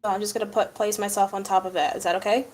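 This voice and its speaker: A woman's voice: medium pitch, fairly even intonation, rapid-fire, a little mellow, rough recording. A woman playing a cleric in a tabletop role-playing game, casual with frequent ums. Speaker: player.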